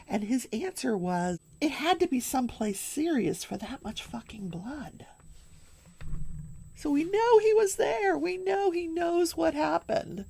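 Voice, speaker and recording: An older woman hosting a daily crafting show, recapping a trial in casual chat with animated storytelling and hushed asides. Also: high voice, a little slow, gravelly, husky. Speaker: daily crafting and true crime show host.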